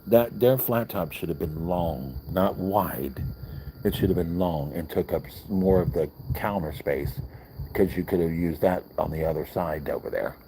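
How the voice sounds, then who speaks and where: Low dark-voiced dude rambling through a diner story live, chatty, faint hiss. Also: male voice, moderate pace. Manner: rambling, chatty, acts out other people's lines. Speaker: vlogger. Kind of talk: casual storytelling on a livestream. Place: hotel, with crickets outside.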